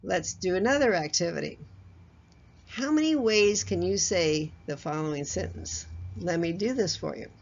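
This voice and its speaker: A woman's voice: on the low side, lively intonation, normal speed, gravelly. A woman giving a recorded workplace communication lesson in a conversational way, asking the listener questions and chuckling at herself. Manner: chuckles at herself, loose fillers and restarts. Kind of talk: recorded training lecture. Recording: slightly dull lo-fi audio.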